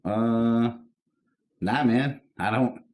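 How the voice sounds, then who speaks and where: A man's voice: mid-range voice, drawn-out words, a little mellow. A man co-hosting a podcast, telling rambling, profane stories in casual chat. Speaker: podcast co-host.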